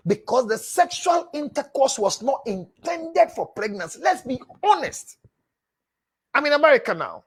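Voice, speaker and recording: A very high-pitched, slightly rough man's voice belongs to a relationship counselor hosting a live show. He reads messages from viewers out loud, then responds in an emphatic, sermonizing way, repeating phrases to stress them and calling everyone "my dear."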